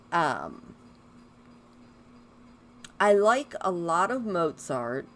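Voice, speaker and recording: A woman with a lowish voice talks her way through a life-simulation game at an unhurried pace. She rambles casually and coaxes her characters along. A faint hum of noise sits under her voice. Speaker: gaming YouTuber. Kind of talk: casual let's-play commentary.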